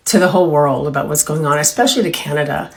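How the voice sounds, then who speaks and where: A woman's voice: low voice, fast talker, vocal fry, low-quality recording. A woman from California speaking casually to camera, earnest, apologetic and exasperated, stumbling over her words. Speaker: member of the public in a viral clip. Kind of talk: casual direct-to-camera plea.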